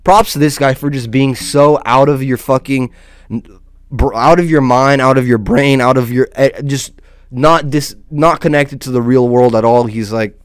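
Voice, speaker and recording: A man's voice: mid-range voice, steady tone, moderate pace, smooth, no echo, studio quality. Rambling, profane man giving loose commentary. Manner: rambling, loose, with frequent restarts and "dude". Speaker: host of a small online channel.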